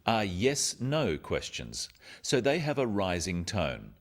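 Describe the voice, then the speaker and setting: Casting: deep-voiced male narrator, highly animated intonation, clear and instructive, scripted lesson narration. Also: slow.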